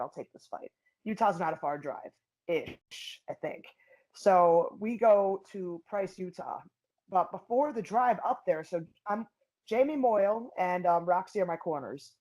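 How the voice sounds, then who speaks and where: A young woman talks in a blunt, profane and animated way. She is from Philadelphia and speaks as an interview guest, telling stories in a loose, casual way. Her voice sits at an ordinary middle pitch. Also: low-quality recording. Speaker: MMA fighter, guest.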